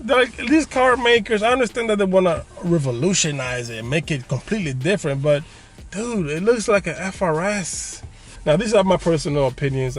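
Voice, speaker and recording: A man hosting his car channel, giving opinions in a joking, casual way with frequent laughs. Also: on the high side.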